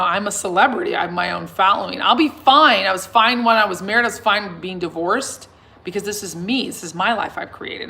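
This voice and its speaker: Woman vlogger in her thirties, lowish voice, emphatic, self-assured, casual chat, faint background hiss. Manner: emphatic, self-assured, swings from soft to loud. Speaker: singer and vlogger addressing her followers. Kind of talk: casual livestream chat reading comments.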